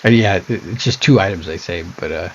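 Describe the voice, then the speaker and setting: A low-voiced man streams a game and muses aloud, hesitating and restarting as he thinks. His mic sounds dull and lo-fi, with faint noise behind. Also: brisk. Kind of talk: casual let's-play commentary.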